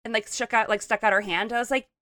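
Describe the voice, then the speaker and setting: A woman in her thirties co-hosting a casual podcast, gushing through stories with lots of "like", her voice a bit hoarse after a late night. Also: fairly high pitch, fairly even intonation, quick pace, bright, forceful tone, no room sound, studio quality. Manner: bubbly, gushing storyteller with lots of "like". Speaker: podcast co-host. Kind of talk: casual chat.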